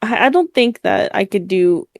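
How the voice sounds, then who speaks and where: A woman's voice: medium pitch, expressive, normal speed, vocal fry, dry recording, studio quality. A woman with a Midwestern American accent, a guest in a casual interview, speaking very expressively and laughing often.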